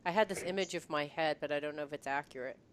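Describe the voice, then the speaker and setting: Brief: woman co-host, low and smooth voice, giggly casual chat. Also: fast talker. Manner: giggly, with lots of fillers. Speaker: podcast host.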